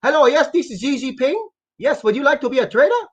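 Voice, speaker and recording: A man's voice: extremely high pitch, lively intonation, fast talker, pitched above the performer's own voice. A man putting on a mocking impression of a male foreign leader making a fake, overly polite recruiting phone call.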